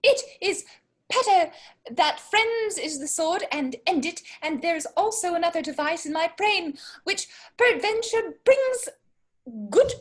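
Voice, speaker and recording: A fussy, preachy country parson, read by a woman with a very high, swooping voice that rises and falls all over the place. The reading is casual and amateur, with lively, playful delivery. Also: a little slow. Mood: comic. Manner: lively, breaks off laughing at her own accent. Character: comic fussy Welsh parson, middle-aged man.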